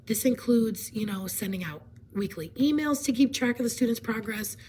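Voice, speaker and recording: A woman hoarse from laryngitis, partly whispering as she explains a presentation in a casual way, with fillers and frequent throat clearing. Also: a little high, normal speed, darkish tone, slight background noise, poor audio.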